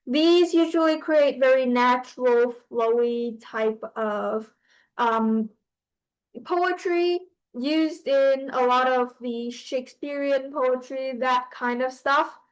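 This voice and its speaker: A woman teaches poetry to a class in a high, light voice. She talks slowly and haltingly, pausing often and restarting her sentences as she works through an explanation. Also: low-quality recording. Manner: hesitant, with frequent pauses and restarts.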